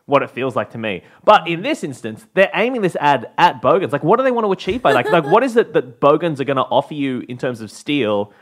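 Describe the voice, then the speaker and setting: Rambling, animated Australian man. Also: on the high side, a little fast, hardly any pauses. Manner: rambling, full of restarts and "like", laughs often. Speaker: podcast co-host. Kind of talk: casual comedic chat.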